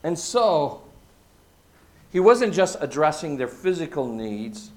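A man preaching a sermon, using emphatic repetition and dropping from loud, stressed phrases to hushed asides. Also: fairly high pitch, big pitch swings, slow pace. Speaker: pastor.

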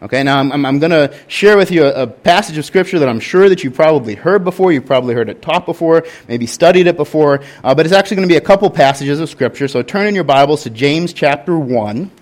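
A man's voice: a little high, lively intonation, fast, few pauses. A young man, a pastor, preaching a sermon and telling a candid story in an earnest way.

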